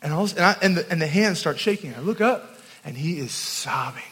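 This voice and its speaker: A man's voice: on the high side, lively intonation, a little fast, bright, forceful tone, slightly rough. A man giving a storytelling sermon at a youth camp, self-deprecating and humorous. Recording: long hall reverb.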